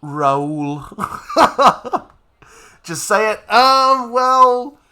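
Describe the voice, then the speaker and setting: Young kiwi guy streaming a game, high bright voice that bounces all over, playful, laughs a lot. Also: extremely slow, clear, resonant tone. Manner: playful, excitable, laughs often. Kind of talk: live gameplay commentary, chatting with viewers.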